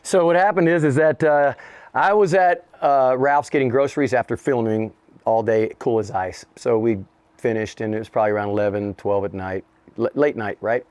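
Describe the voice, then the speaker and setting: A man's voice: mid-range voice, normal speed, darkish tone, dry recording. A middle-aged man, a rapper being interviewed, telling a story with lots of swearing and laughter and acting out the other people's voices. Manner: profane, laughing, acts out voices in his stories. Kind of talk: animated storytelling in conversation.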